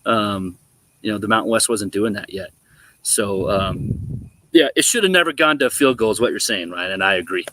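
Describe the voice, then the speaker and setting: Animated man telling a sports story. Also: fairly low pitch, moderate pace, a little hiss or hum. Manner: animated storyteller, acts out quotes. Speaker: former college quarterback, guest. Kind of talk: casual storytelling on a sports talk show.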